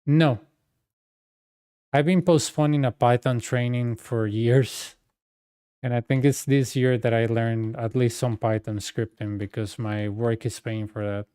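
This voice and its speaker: Mellow-voiced man. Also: mid-range voice, steady tone, unhurried, clean tone, no echo, studio quality. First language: Spanish. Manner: rambling, full of fillers and asides. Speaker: game streamer. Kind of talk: casual storytelling chat.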